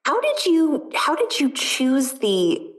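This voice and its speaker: A woman's voice: high-pitched, wildly swooping pitch, takes it slowly. Curious woman, heard from a distance. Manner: curious, searching phrasing. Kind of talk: casual conversation.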